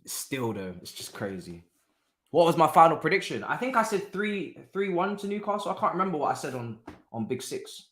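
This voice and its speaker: A young man hosts a live football watchalong, repeating himself and laughing as he reacts. His voice sits a bit high for a man, and the room adds a noticeable echo. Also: brisk. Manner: animated, repetitive, laughing, slangy. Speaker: watchalong host. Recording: roomy echo.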